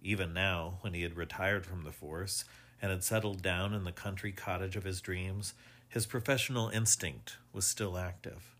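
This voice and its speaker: A man reading a mystery story aloud in measured, scripted narration. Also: deep voice, fairly even intonation, a bit bright.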